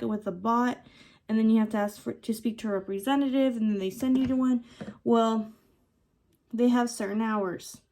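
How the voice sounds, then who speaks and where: A young woman vlogger telling a story casually, animated and full of "like" and quoted dialogue. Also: on the high side. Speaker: beauty vlogger. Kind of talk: casual storytelling while doing lash extensions.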